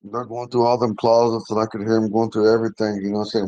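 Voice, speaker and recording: A man in his forties, slightly hoarse, telling a long personal story in a casual, rambling way, often restarting and clearing his throat. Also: on the low side, fairly even intonation, normal speed, mellow, dry recording, dull audio. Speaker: language class member telling a story.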